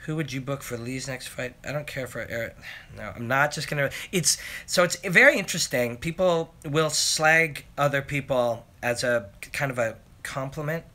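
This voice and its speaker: A man in his forties with a bright, forceful voice, chatting through a live stream Q&A. He rambles, reads viewers' questions aloud and pokes fun at himself. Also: mid-range voice, normal speed. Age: 40s. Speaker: host. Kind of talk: live Q&A chat.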